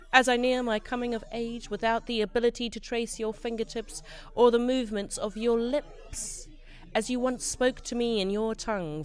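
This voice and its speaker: A woman performing spoken word poetry, slow and lyrical, repeating phrases. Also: fairly high pitch, clean tone.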